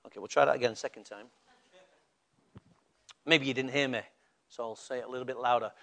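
A man's voice: mid-range voice, fairly even intonation, quick pace, gravelly, fairly bright tone. A male pastor preaching a sermon in a conversational way, rising to emphatic bursts.

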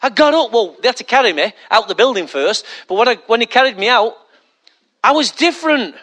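Bright-voiced pastor preaching. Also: male voice, extremely high pitch, lively intonation, brisk. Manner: conversational, mocking asides, rhetorical questions. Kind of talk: sermon.

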